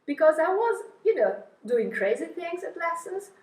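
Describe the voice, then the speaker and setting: High-voiced Italian woman lecturing in an echoey hall. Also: moderate pace, distant mic. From Italy. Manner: lively storytelling with many fillers. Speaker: guest lecturer. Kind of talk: anecdotal seminar lecture.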